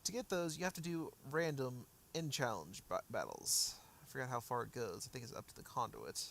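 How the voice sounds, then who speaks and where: A man's voice: medium pitch, lively intonation, a little fast, creaky, fairly bright tone, a little hiss or hum. A man streaming a game, talking casually and rambling with frequent restarts while answering chat, his voice a bit worn. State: losing his voice. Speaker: gaming streamer. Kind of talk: casual livestream commentary.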